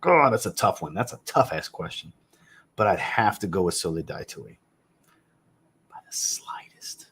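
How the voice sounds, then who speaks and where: Casual, low-voiced man chatting on a livestream. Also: lively intonation, fairly quick, fairly bright tone, slightly rough. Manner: blunt, joking, swears casually. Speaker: fragrance reviewer hosting a live chat. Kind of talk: casual livestream chat answering viewers. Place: home room with a fragrance shelf.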